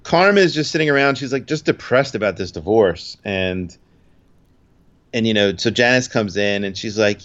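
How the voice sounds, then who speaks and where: A man's voice: on the low side, lively intonation, moderate pace, a bit bright, muffled recording. A man casually recapping a TV episode in a podcast chat, rambling with fillers and acting out quotes.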